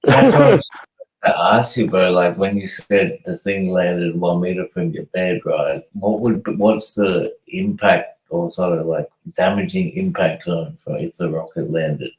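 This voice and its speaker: A man with a low, deep voice hosts a casual chat and asks relaxed, loose follow-up questions. His voice carries a roomy echo, as if he is sitting in a bare room. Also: unhurried. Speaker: host asking questions.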